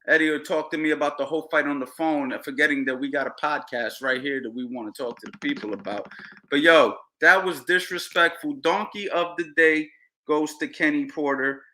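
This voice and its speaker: A man's voice: fairly high pitch, fairly quick. A man hosting a boxing podcast, ranting heatedly and repeating himself. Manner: animated, ranting, repeats phrases. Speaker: podcast host.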